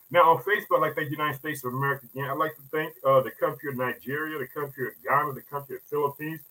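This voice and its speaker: High, bright-voiced fervent preacher man. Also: low-quality recording. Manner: fervent, repetitive, calls listeners "family"; casual, folksy speech. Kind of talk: podcast sermon.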